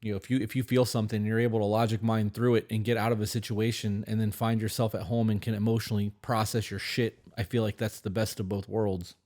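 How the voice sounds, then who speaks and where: A man's voice: fairly low pitch, flat delivery, fast, few pauses, a little mellow. A man co-hosting an advice podcast, talking bluntly and swearing freely in casual chat. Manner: blunt, profane, emphatic. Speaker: podcast co-host.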